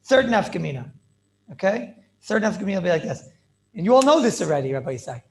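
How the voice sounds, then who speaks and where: A rabbi teaching a Talmudic class over a video call, repeating phrases and checking in with "right?" and "clear?". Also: male voice, high-pitched, sing-song, fast talker, a little mellow.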